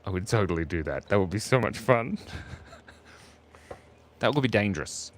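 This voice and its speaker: Lively, low-voiced Australian man chatting. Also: moderate pace. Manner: playful, chatty, jokey with viewers. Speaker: live-stream artist. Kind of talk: casual live-stream chat while drawing.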